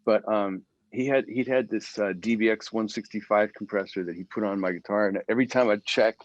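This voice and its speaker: A middle-aged man talks loosely through his recording sessions, with a low voice and plenty of ums and restarts. The sound is dull and lo-fi, as if from a video call, and dry with no room around it. He speaks as a guest in a casual interview. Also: a little fast, dry recording. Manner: relaxed storyteller, many fillers and restarts. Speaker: guitarist guest.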